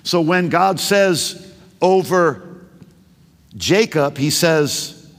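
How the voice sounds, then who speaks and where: A man's voice: on the high side, animated, extremely slow. A man preaching a sermon as a pastor, passionate and full of rhetorical questions. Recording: long reverb of a large hall.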